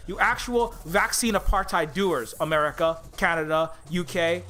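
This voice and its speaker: A man with a high, sharp, bright voice delivers a heated, profane rant, tripping over restarts as he pushes on. Faint music plays behind him. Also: normal speed, hardly any pauses. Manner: angry, profane, stammering restarts. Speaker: indie game developer streaming live. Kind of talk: heated political rant on a livestream.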